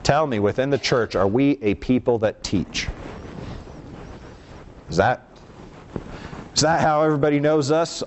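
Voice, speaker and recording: Male preacher, slightly high voice, emphatic sermon delivery with rhetorical questions. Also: expressive, normal speed, long pauses, a little hiss or hum. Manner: emphatic, swings between soft low and raised lines.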